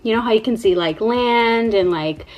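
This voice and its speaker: A young mother vlogs a casual story laced with profanity and fillers like "like" and "you know," keeping it chatty. Her voice is fairly high at a moderate pace, and the audio is poor.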